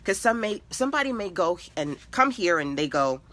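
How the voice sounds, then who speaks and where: A woman's voice: lowish voice, very animated, moderate pace, hardly any pauses, fairly bright tone. A middle-aged woman, a web designer and mentor, giving a motivational live-stream talk with emphatic, repetitive lists.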